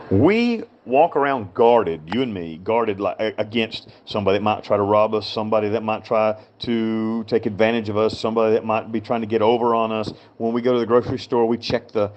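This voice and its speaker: A man's voice: medium pitch, a little mellow, lo-fi sound. A man with a Southern Appalachian mountain accent from Western North Carolina, a prison chaplain and inmate talking in a rambling, frank monologue that repeats itself and drifts off topic. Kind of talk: casual spoken monologue.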